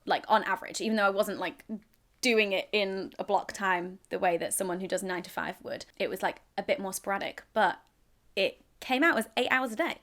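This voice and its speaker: A woman's voice: medium pitch, brisk, a bit bright. A woman in her twenties from England, chatting casually to camera as a YouTuber, giggly and self-deprecating. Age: 20s.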